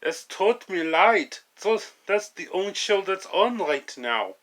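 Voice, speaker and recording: A man's voice: high voice, big pitch swings, slow pace, fairly bright tone, full character voice. A man voicing a sulky friend who grumbles about what is on TV. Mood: grumpy. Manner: bored, grumbling.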